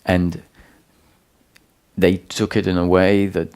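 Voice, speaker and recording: A man with a deep, gravelly voice speaks as a spiritual teacher at a satsang. He explains ideas slowly and calmly, pausing and restarting as he searches for the right words. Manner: calm, explanatory, with frequent pauses and restarts. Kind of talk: satsang talk.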